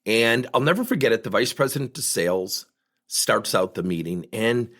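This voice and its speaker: Husky male sales coach, lively pitch, storytelling, acts out voices. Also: moderate pace. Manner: animated, acts out quoted voices. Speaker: sales coach, podcast host. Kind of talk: storytelling talk.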